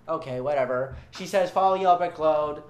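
Tipsy young man, slightly high voice, sarcastic and rambling storyteller, in a roomy space. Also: a little fast. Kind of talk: drunken comedic retelling. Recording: echoey room.

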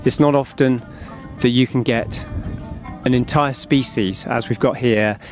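A man, an artist, speaking slowly and heartfelt to schoolchildren from an outdoor animal enclosure. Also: medium pitch, fairly even intonation, soft background music. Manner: slow, hushed and heartfelt. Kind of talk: earnest outdoor video address.

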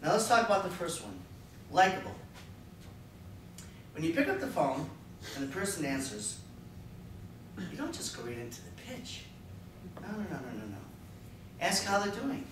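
Animated man in an echoey room. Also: high voice, normal speed, pauses often. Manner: lively, jokey, slips into silly voices. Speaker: sales speaker. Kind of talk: talk to a live audience. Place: room with an audience. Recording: echoey room from a distance, faint noise.

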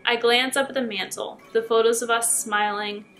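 Woman storyteller, crisp bright tone, a bit high, faint music underneath. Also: fairly even intonation, normal speed. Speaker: YouTube storyteller. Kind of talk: reading short scary stories aloud.

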